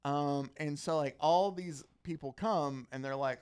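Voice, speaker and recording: A man's voice: on the high side, a little slow, a little mellow, smooth. A man co-hosting a podcast, casually retelling a comic story with lots of fillers and acted-out quotes. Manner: rambling retelling with many fillers and quoted lines. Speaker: podcast co-host summarizing a comic. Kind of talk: casual chat.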